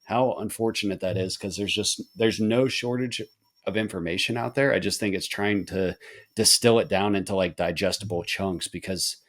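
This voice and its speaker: Low-voiced earnest firefighter host. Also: male voice, moderate pace, fairly bright tone. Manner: earnest, rambling, with frequent restarts. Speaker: podcast host, firefighter training officer. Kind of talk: casual podcast conversation.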